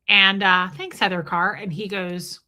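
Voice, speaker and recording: A woman's voice: medium pitch, level tone, measured pace, pushed and bright. A woman hosting a live stream in casual chat, rambling and greeting viewers between her thoughts.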